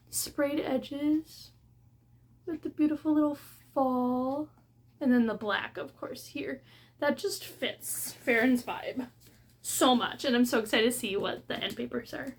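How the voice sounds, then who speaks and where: A woman vlogging a casual book haul unboxing, gushing and excitable as she shows off her books. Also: sits high. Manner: gushing and excitable, with gasps of delight.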